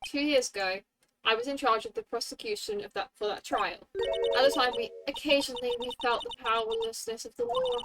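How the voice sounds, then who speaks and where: A woman voicing a cold, stern female chief prosecutor in a measured, grave read. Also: high voice, expressive, loud music behind the voice, rough recording.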